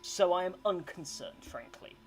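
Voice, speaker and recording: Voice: mid-range voice, expressive, moderate pace, faint music behind, natural voice, poor audio. A game master voicing a cold, pompous male town official who justifies himself in a tabletop game. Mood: haughty. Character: stiff self-righteous male town chamberlain.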